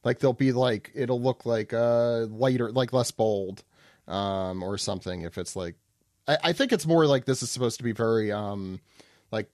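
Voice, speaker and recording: A man co-hosting a podcast in casual chat, talking in an animated, hesitant way with many likes and restarts. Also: mid-range voice, normal speed, no room sound, clean studio sound.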